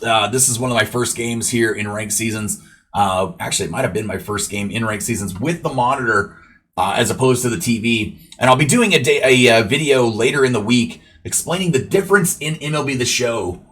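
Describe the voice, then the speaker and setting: Husky man giving casual game commentary. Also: medium pitch, a bit bright. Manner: casual, rambling play-by-play with frequent fillers. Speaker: gaming YouTuber. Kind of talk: gameplay commentary.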